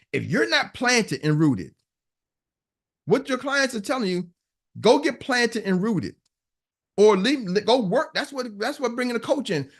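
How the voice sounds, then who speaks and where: A man giving a business coach's motivational talk to a live online audience, emphatic and preachy, hammering his points home through repetition. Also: high-pitched. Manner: emphatic, preachy, repeats punchlines.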